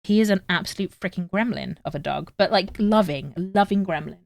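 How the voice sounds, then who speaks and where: A young woman from northern England chats casually with viewers during a sewing livestream, reading the chat aloud as she sews. Her mid-range voice is brisk and gravelly, and the recording has no room sound.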